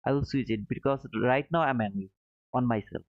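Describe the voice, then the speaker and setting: A man's voice: medium pitch, a little fast, no echo. Live trading streamer, male, self-critical and apologetic, dry phone-like sound. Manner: apologetic, self-critical, frequent restarts, non-native phrasing. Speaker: livestream trading host. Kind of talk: live-stream chat to viewers.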